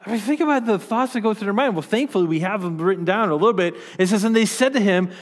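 A man's voice: high voice, fast. Man preaching in a reverberant hall. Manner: earnest, conversational preaching with frequent restarts. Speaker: pastor. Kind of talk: sermon.

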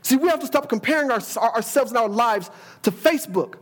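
A man's voice: extremely high pitch, lively intonation, fast, a bit bright. A man preaching a sermon, emphatic, often repeating words as he builds a point and quoting scripture.

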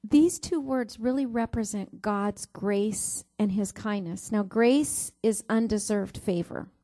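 Speaking slowly in a medium-pitched voice, a middle-aged woman delivers a sermon that blends Bible reading with a warm family story. Each verse number she reads gets a lift of emphasis.

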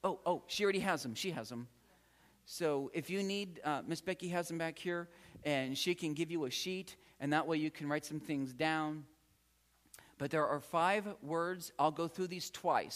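A man giving a patient, encouraging classroom lecture as a Greek teacher, often repeating key words. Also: fairly high pitch. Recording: long hall reverb.

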